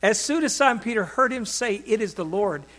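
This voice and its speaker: High-voiced man preaching a dramatic sermon. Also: lively intonation, fairly quick. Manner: dramatic, acts out quoted voices with big swings in loudness.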